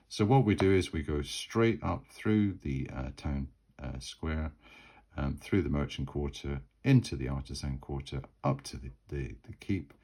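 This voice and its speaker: A man's voice: rumbling low, animated, unhurried, warm tone, poor audio. A man narrating his solo tabletop role-playing game in a rambling, chatty way. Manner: rambling, many fillers and restarts.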